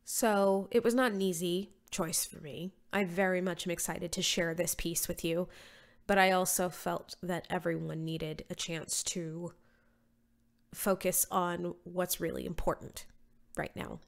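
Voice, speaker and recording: A woman's voice: on the low side, fairly even intonation, unhurried, creaky. A woman in her thirties hosting a solo podcast, sounding nasal from allergies, blunt and sarcastic with casual swearing. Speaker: podcast host.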